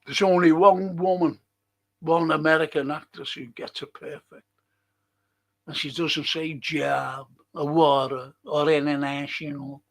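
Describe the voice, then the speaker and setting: Slow, grumbling older English host. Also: male voice, a little high, fairly even intonation, fairly bright tone. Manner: grumbling, swears a lot, moaning. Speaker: livestream host. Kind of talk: casual live chat reading viewer comments.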